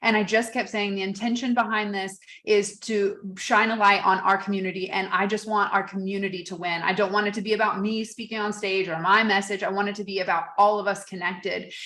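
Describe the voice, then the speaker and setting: Woman podcast host, mid pitch, candid, swears casually. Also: little pitch movement, brisk, few pauses, fairly bright tone.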